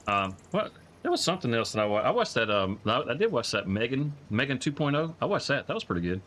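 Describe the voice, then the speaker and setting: Rambling man, bright voice. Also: mid-range voice, big pitch swings. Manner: rambling, halting, with many restarts. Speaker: live stream host. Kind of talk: casual chat.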